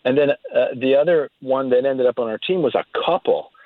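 A man telling a story casually, halting often with fillers and restarts. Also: medium pitch, no room sound. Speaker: interview guest telling a story. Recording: tinny phone-line sound, dry.

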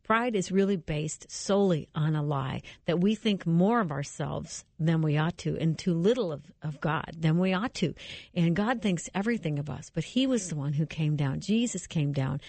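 A woman with a lowish voice hosts a devotional talk show, earnest and reflective. She is recorded close and dry, with no room sound. She sets up each clip before it plays. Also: moderate pace, a little mellow, no room sound. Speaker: host.

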